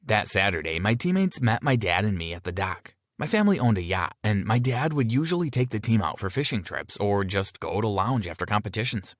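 Low, lively male story narrator. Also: fairly quick, hardly any pauses, no echo, clean studio sound. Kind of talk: first-person story narration.

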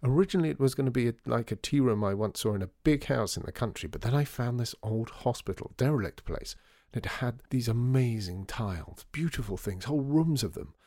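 A man voicing a brisk, theatrical disgraced store founder, wry and showy. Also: medium pitch, lively intonation, mellow, no echo, clean studio sound.

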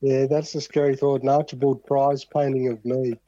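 A man's voice: medium pitch, little pitch movement, moderate pace, warm tone. An Australian man, a podcast guest, chatting laconically with dry humour. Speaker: podcast guest, former radio host. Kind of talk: casual podcast chat. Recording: dull lo-fi sound.

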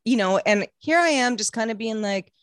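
A woman's voice: on the high side, lively intonation, moderate pace, no echo, clean studio sound. A young woman hosting a podcast, chatting casually and rambling, acting out quotes in playful voices. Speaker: podcast host. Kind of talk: casual chat.

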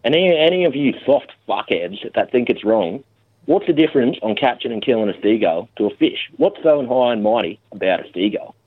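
Crude Australian caller on a tinny phone. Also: male voice, medium pitch, lively intonation, fairly quick, slightly rough. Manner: crude, boastful storytelling.

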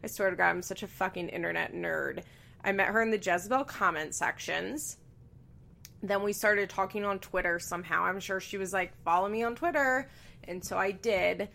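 A woman's voice: on the low side, moderate pace, gravelly, pushed and bright. A woman hosting a podcast from her bedroom, chatting candidly with frequent asides and swearing. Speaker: podcast host. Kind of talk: casual podcast chat. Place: bedroom at home. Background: fan running.

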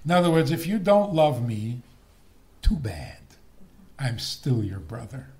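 A man's voice: mid-range voice, very animated, unhurried, darkish tone. A man giving a humorous lecture on marriage, playful and chuckling at his own jokes.

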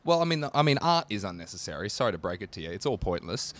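A man's voice: fairly low pitch, big pitch swings, fast, fairly bright tone. A man co-hosting a podcast, joking drily and reading passages aloud in casual banter. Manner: dry, joking, reads aloud. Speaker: podcast co-host.

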